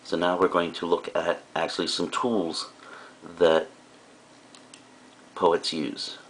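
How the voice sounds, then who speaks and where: A man with a very low, deep voice talks through a recorded classroom lecture. He explains things casually and often stops for fillers and side remarks, like a teacher speaking to his students. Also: flat delivery, takes it slowly, a bit bright, slight background noise.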